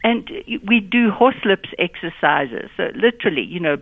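A woman's voice: lowish voice, animated, normal speed, vocal fry, a little hiss or hum. A woman with a South African accent, a communication skills guest, explaining voice exercises in an instructive way over the phone. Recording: narrow telephone line.

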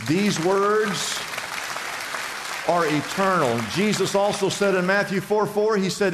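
A man preaching a sermon in a church, with emphatic delivery that swings from loud, raised lines to hushed ones. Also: sits high, normal speed, in a large hall, a faint crowd. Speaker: pastor.

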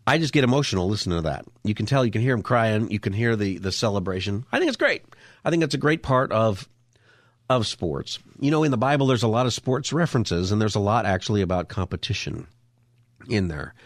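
A man's voice: lowish voice, expressive, brisk, no echo, studio quality. A man hosting a Christian radio talk show, speaking in an earnest, reflective way with many restarts.

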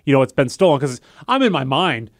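A man's voice: mid-range voice, big pitch swings, brisk, no room sound, studio quality. A young man co-hosting a casual talk show, telling a long story and acting out the voices of the people in it. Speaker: podcast co-host.

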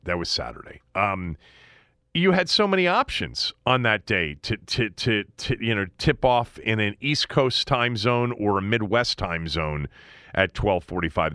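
A man hosts a casual sports betting talk, his voice bright and forceful. He speaks loosely, with fillers and restarts, into a close, dry mic. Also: deep voice, dry recording. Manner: conversational, frequent fillers and restarts. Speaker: sports betting show host.

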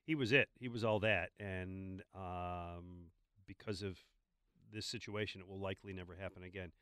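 A man hosting a sports radio show, his voice lowish but bright and forceful. He talks casually and wryly, often restarting his sentences. The studio sound is dry and close. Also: fairly even intonation, normal speed, clean tone, no echo. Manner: wry, asks the questions, hesitant restarts.

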